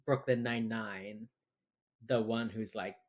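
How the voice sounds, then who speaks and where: A man's voice: fairly low pitch, steady tone, a little slow. A man co-hosting a podcast, tipsy and ranting with heavy sarcasm and casual swearing while recapping a TV episode. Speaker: podcast co-host.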